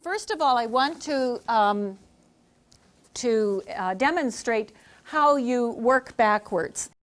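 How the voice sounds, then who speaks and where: High-voiced woman leading a class. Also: takes it slowly. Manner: energetic, coaxing, leads drills. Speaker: ESL lead teacher. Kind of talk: classroom teaching.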